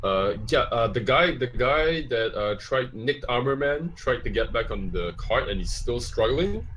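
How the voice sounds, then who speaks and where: A man's voice: mid-range voice, lively intonation, unhurried, a bit bright, slight background noise. A man running a tabletop game as game master, narrating scenes in a rambling way with many fillers. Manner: rambling, full of fillers and restarts.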